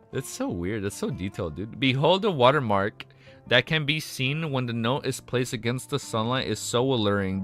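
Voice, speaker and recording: A man with a raspy voice reads a web novel aloud, stumbling over words, rereading lines and breaking off into excited asides. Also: mid-range voice. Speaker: streamer reading a web novel aloud and reacting. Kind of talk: casual reading with live reactions.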